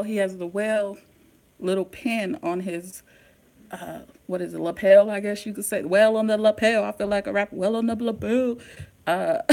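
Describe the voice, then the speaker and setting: Excitable woman recapping a show live. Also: mid-range voice. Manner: excitable, talks to viewers, slangy. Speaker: TV recap host. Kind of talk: casual live-stream chat.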